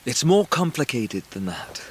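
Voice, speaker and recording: A gentle British witch teacher. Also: mid-range voice, very animated, unhurried, a little hiss or hum. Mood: wry, gentle. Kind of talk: anime dub acting.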